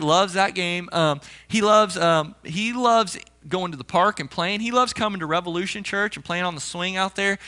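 High, bright-voiced conversational male pastor. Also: smooth. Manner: conversational, animated storytelling preacher. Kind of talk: sermon.

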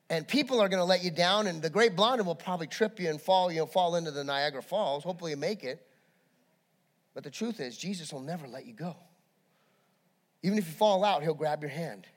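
A man preaches with a high, bright-sitting voice, building his sermon through animated storytelling. He swings from quiet asides to fired-up peaks as he tells his story. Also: in a large hall. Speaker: pastor.

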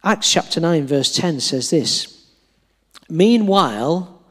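A man's voice: fairly high pitch, lively intonation, normal speed. A middle-aged man preaching, telling a story animatedly and acting out the dialogue with self-deprecating humour. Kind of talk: storytelling sermon. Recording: long reverb of a large hall.

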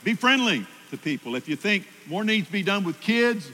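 A man preaching a sermon as pastor, emphatic, pushing his voice up loud to drive his points home. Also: sits high, big pitch swings, moderate pace, big-room sound, rough recording. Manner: emphatic, rises loudly at key points.

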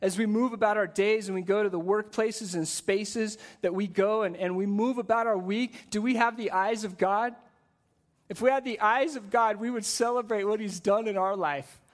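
A man with a high-pitched voice preaches a conversational sermon, stacking one rhetorical question on another. On the weighty points he drops to a soft, slow delivery. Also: fairly even intonation. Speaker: pastor.

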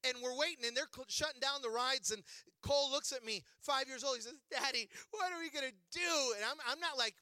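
A middle-aged male preacher with a very high, bright and forceful voice, in a dry, close sound. He tells funny stories in an animated way, acts out the quotes and works up to shouted exhortations. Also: fast talker, smooth, no echo. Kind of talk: humorous storytelling sermon.

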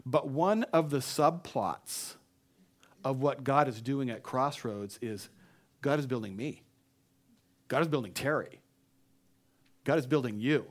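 A man's voice: mid-range voice, a little slow, long pauses. Man, pastor, sermon, mid-range voice, emphatic scripture reading, casual asides. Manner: reads scripture aloud with emphatic, repeated phrases; conversational asides with frequent restarts.

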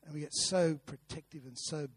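A man's voice: a little high, normal speed, breathy edge. A man preaching a sermon, earnest, with rhetorical questions and repeated words. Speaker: pastor. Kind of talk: sermon with a told story.

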